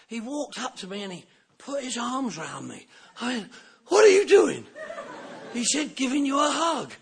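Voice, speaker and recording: Man, high bright voice, animated storyteller who laughs and shouts at the peaks. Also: husky. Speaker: recovery speaker. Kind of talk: storytelling recovery talk.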